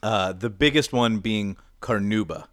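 A man's voice: on the low side, unhurried, no echo, studio quality. A young man in casual chat as podcast cohost, explaining with lots of fillers and restarts. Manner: rambling explainer, many fillers.

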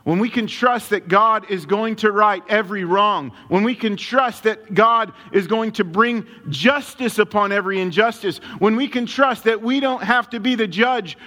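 A man preaching a sermon to a congregation in a church, emphatic, with dramatic swings of pitch and pace. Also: pushed and bright. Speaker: pastor. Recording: long reverb of a large hall.

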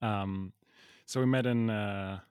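A man's voice: on the low side, fairly even intonation, takes it slowly, darkish tone, smooth, dry recording, clean studio sound. Self-mocking man chatting from home. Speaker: podcast co-host. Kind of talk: casual chat. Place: alone in his apartment.

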